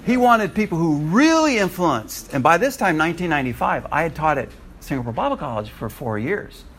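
A man, a Bible college lecturer and missionary, telling a testimony to a classroom, acting out his own words with sudden high jumps in pitch and bursts of laughter. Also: big pitch swings, fairly quick, a bit bright, a little hiss or hum.

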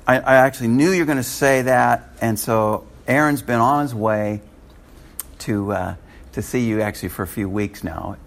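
A calm, wry God with a patient, matter-of-fact delivery, as a preacher speaks him. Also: male voice, mid-range voice, normal speed, vocal fry, voice pushed down, close to an everyday voice.

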